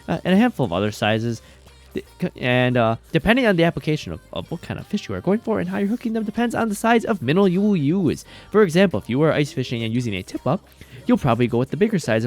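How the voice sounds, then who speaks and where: A man streaming a game, chatting casually in a rambling, jokey way and reacting to chat. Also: medium pitch.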